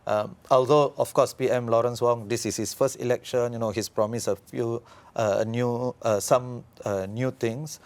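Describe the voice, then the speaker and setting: A man, an expert guest explaining politics in a measured, analytical way with frequent fillers. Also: medium pitch, fairly even intonation, a little mellow. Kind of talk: explanatory interview talk.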